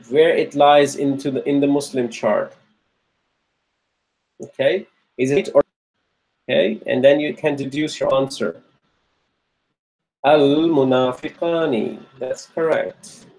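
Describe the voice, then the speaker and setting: A man's voice: mid-range voice, a little mellow, rough recording. A man teaching an online Arabic grammar lesson, patiently repeating each answer, checking in with students and praising their replies.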